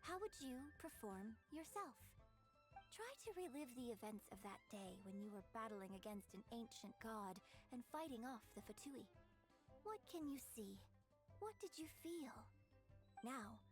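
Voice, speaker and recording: A poised, patient opera teacher speaks in a slightly high, measured way, guiding her pupil step by step. The game character's lines sit over faint background music. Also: expressive. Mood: calm, instructive. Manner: measured, instructive. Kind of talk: video game voice acting.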